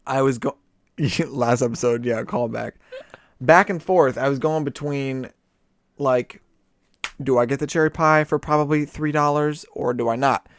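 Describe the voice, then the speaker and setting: A man's voice: medium pitch, fairly even intonation, unhurried, no echo. Laughing podcast guy telling stories. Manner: dramatic exaggeration, frequent laughter. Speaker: podcast co-host. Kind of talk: casual chat.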